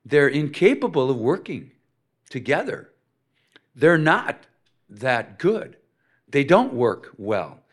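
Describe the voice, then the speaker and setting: A man's voice: mid-range voice, very animated, slow pace, pauses often. A man teaching a church seminar on ministry teams, talking to the room in a conversational way with plenty of fillers.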